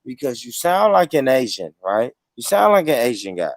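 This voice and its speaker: A man's voice: medium pitch, very animated, normal speed, no room sound. A man hosting a heated casual debate, emphatic and repetitive, often cutting in and swearing. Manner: emphatic, repetitive, interrupting, profane. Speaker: podcast host.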